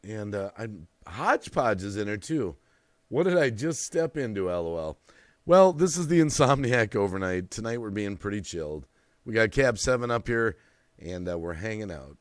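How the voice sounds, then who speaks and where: A middle-aged man hosting a casual late-night live stream, his fairly low voice swinging widely in pitch as he tells stories. He laughs often and breaks off to greet people in the chat. The sound is dry and close, with little room around it. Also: sing-song, normal speed, no echo.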